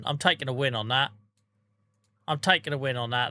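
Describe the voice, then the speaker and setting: A man's voice: mid-range voice, lively intonation, a little fast, pushed and bright, dry recording. A man streaming a farming game, chatting casually in a rambling, self-deprecating way with the odd swear. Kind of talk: casual gaming stream chat.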